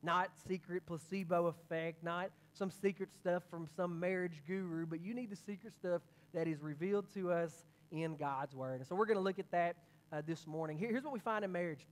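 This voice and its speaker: A man preaching a sermon as pastor, telling a story with energy and many quick restarts. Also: sits high.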